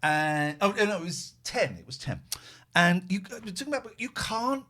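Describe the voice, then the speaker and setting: A man's voice: high-pitched, big pitch swings, moderate pace, sharp tone. A man hosting a podcast, telling exasperated, rambling anecdotes in casual chat. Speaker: podcast host.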